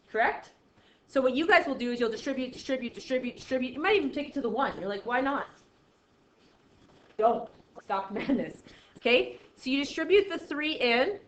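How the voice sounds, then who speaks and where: A woman's voice: high voice, lively intonation, fast, a bit bright, slight background noise. A woman teaching a math class in a classroom, playful and jokey, with exaggerated asides. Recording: echoey classroom, dull lo-fi sound.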